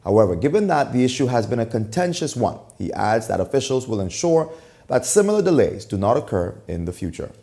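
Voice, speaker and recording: A man from the Bahamas reading the evening news as anchor, in a steady, formal delivery. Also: mid-range voice, fairly quick.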